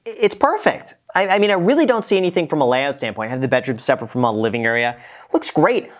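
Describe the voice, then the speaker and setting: A man's voice: on the high side, very animated, fast. A man hosting a casual reaction show, a former real estate agent who gives frank, cost-minded critiques of a home tour.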